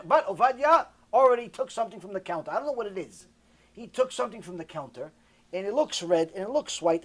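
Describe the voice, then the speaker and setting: A rabbi telling a sermon story in an animated, repetitive way, acting out the dialogue himself. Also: male voice, extremely high pitch.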